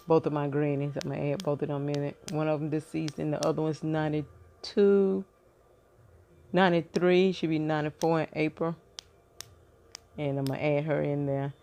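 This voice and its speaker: A woman's voice: low voice, dark tone. A woman in her fifties chatting casually to her viewers from bed, rambling and thinking aloud with many fillers and restarts. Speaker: vlogger. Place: in bed at home.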